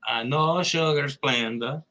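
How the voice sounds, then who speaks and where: A man casually chatting with his co-host, halting and restarting, playing along with the bits. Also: medium pitch, bright, forceful tone, low-quality recording. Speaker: podcast co-host. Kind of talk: casual chat.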